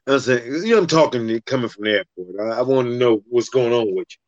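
A man spins a fight story in loose, profane chat, jumping into the voices of the people in it. His voice is mid-pitched and sits close and dry, with a slightly dull, muffled sound. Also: fast, darkish tone, dry recording. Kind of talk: casual storytelling in a podcast chat.

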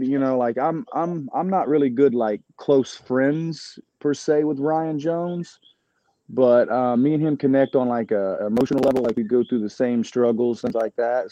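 A man tells his side of a fight in heated, rambling, profane bursts, circling back and restarting. His voice sounds dark and mellow. The audio is dry but dull, with a lo-fi edge. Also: medium pitch, dry recording. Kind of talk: casual storytelling.

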